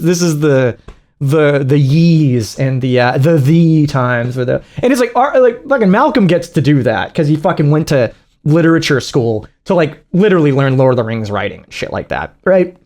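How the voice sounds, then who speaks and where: A man's voice: on the high side, big pitch swings, normal speed, a little mellow. A man giving casual reaction commentary as a streamer, profane and mocking, laughing often.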